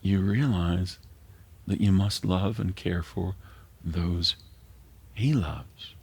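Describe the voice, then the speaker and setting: An older male pastor delivers a heartfelt sermon. His voice sits very low and is rough with fry and a husky edge. At key moments he lowers it to a soft, earnest near-whisper. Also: takes it slowly. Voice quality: gravelly, husky voice.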